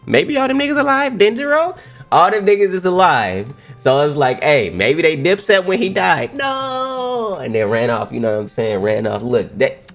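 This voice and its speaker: A man reacting live to a new manga chapter, excitable and profane, often laughing and exclaiming loudly. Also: medium pitch, moderate pace, few pauses, soft background music.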